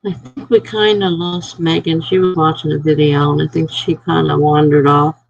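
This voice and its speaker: Tired woman with a gravelly voice. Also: deep voice, steady tone, normal speed, dry recording, highs cut off. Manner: rambling, conversational storytelling to viewers. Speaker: live streamer. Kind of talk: casual live-stream chat.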